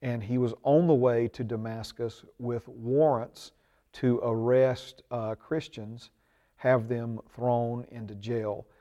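A man leading a church Bible study, his voice dark and mellow, pitched in an ordinary middle range. He teaches earnestly, peppering his talk with ums and uhs, and swells with emphasis when he reads scripture aloud. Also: steady tone, slow, muffled recording. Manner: prays aloud. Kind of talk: church discipleship class teaching.

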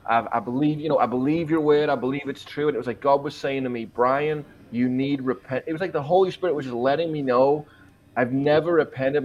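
Earnest man telling his testimony. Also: mid-range voice. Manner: earnest and emphatic, quoting his own prayers. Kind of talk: personal testimony in a podcast interview.

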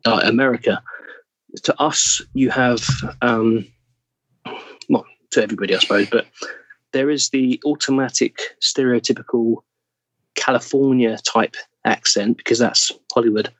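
English male guest: husky, mid-pitched, dead dry close mic, thoughtful and halting. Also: fairly even intonation, fairly bright tone, dry recording. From England. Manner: thoughtful, searching for words, trailing off. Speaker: actor, podcast guest. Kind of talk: casual interview chat.

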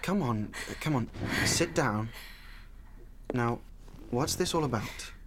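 An actor playing a concerned young man who calmly and patiently questions a frightened friend. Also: medium pitch, slow pace, noisy background. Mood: soothing. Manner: soothing, patient. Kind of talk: radio drama acting. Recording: music behind the voice.

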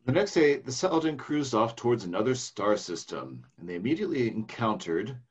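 A man's voice: mid-range voice, very animated, a little fast, slightly rough, dull audio. A man hosting a podcast, recapping a tabletop game in a wry, laid-back way.

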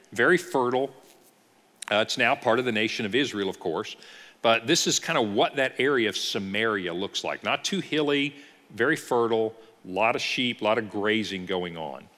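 A man, an executive pastor, teaching a church Bible class with animated storytelling and rhetorical questions. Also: mid-range voice. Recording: long hall reverb.

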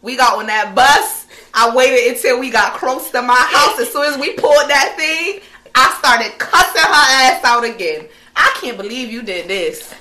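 A young woman from the Hartford, Connecticut area telling a story in casual chat, animated and profane, laughing as she goes. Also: high-pitched, normal speed, noisy background.

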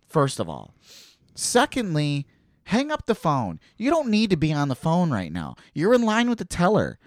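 An animated man rants his way through a story, swearing freely. His voice is slightly high and swings up and down a lot. The sound is dry and close, with no room behind it. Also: normal speed, dry recording. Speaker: podcast co-host. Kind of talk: casual chat.

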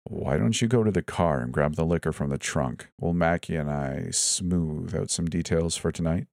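A man voicing a cold, menacing young boyfriend who speaks slowly and with unrelenting calm in a spoken horror story. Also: sits low, gravelly, no echo, clean studio sound. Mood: commanding.

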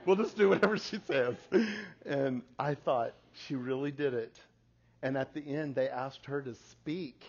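Man in his forties, speaker, lively storytelling, chuckles often, mid-pitched voice, dull lo-fi sound. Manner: animated, laughs at his own stories. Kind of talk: storytelling talk to an audience. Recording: slightly muffled lo-fi recording.

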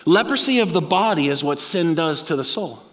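High-voiced man preaching in a reverberant hall. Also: lively intonation, moderate pace. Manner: dramatic storytelling, drops low and quiet for emphasis. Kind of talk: sermon.

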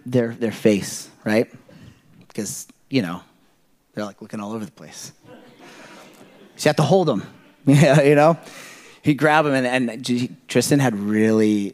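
Speaking at a medium pitch, a little slowly and with frequent pauses, a Kenyan pastor in his thirties delivers a sermon to his congregation. His storytelling is personal, rambling and conversational, full of asides and fillers like "like" and "you know".

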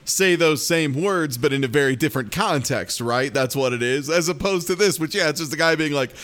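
A man's voice: fairly high pitch, brisk, a bit bright. A man co-hosting a casual podcast, wry and laughing as he explains things. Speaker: podcast co-host. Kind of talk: casual chat.

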